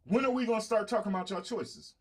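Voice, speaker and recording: A middle-aged man with a Southern drawl talks straight to his viewers, boastful and confrontational, swearing freely. His voice sits a little high for a man. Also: quick pace, slightly rough. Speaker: podcast host. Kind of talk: blunt casual monologue to viewers.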